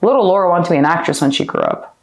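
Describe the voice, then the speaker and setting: Deep-voiced heartfelt woman guest. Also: wildly swooping pitch, rapid-fire, gravelly. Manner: heartfelt, chatty, heavy on fillers like "like". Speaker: podcast guest, actress. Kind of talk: candid personal interview.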